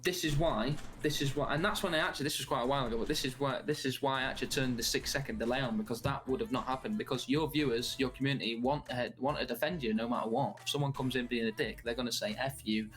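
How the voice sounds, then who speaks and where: A man's voice: medium pitch, very fast, hardly any pauses, a bit bright, faint music behind. A man, a streamer guest telling rambling stories with swearing in a casual podcast chat. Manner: rambling anecdotal storytelling with frequent swearing.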